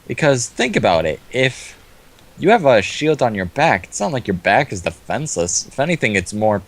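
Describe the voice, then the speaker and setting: A man's voice: mid-range voice, sing-song, moderate pace, fairly bright tone. A man chatting casually beside a friend's gameplay, telling rambling stories and cracking jokes. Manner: joking, rambling storyteller. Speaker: co-commentator. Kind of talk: casual chat over gameplay.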